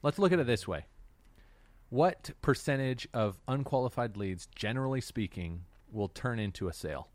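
A man's voice: medium pitch, lively intonation, normal speed, no room sound. A man hosting a casual chat, putting questions to his co-hosts and laughing often. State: out of breath.

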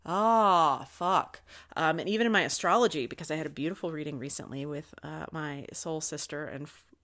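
A woman with a low-pitched voice hosts a confessional spiritual podcast on her own. She is middle-aged, candid and unfiltered, and swears freely. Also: quick pace, fairly bright tone. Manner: candid, swears often, talks openly about her feelings. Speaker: podcast host.

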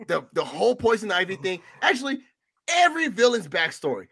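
A man's voice: high-pitched, very animated, brisk, creaky, fairly bright tone, breathy edge, no room sound, clean studio sound. A man co-hosting a casual film review podcast, ranting in a profane, exasperated way. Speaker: podcast co-host.

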